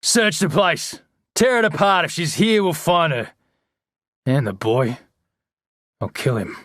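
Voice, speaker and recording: A man's voice: on the low side, slow, slightly rough, dry recording, studio quality, exaggerated voice. A man reading an audiobook, voicing a hard, angry, threatening male villain. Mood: shouting. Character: menacing male villain leader, grown man.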